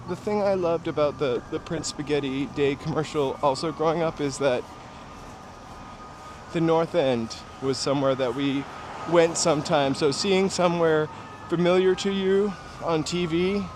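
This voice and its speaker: A New Hampshire man, voice on the high side and a little slow, hosts a casual walking livestream at night. He wanders through nostalgic stories and speaks to viewers on a city street, with traffic noise and passing cars behind him.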